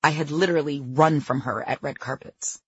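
A woman reads her memoir aloud in a candid, self-deprecating way. Her voice is quite husky, and the recording is dry and close, with a slightly muffled top end. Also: deep voice, fairly even intonation, moderate pace, a bit bright, no room sound. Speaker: memoir narrator. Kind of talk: audiobook memoir narration.

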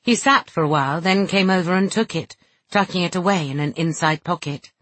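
A woman narrating an audiobook in a slow, soft, measured reading with a husky voice. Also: fairly low pitch, no echo. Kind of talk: scripted narration.

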